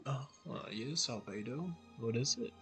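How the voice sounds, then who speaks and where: A man's voice: medium pitch, expressive, unhurried, fairly bright tone, soft background music. Joking man commentating his game. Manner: jokey, mock-polite, sarcastic. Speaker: gamer commentating his play. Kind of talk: casual gameplay commentary.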